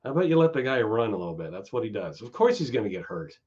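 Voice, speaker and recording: Rambling, swearing stream host. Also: male voice, on the low side, big pitch swings, fast, darkish tone. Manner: chatty, swears freely, goes off on tangents. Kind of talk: casual live-stream chat. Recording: dull lo-fi stream audio.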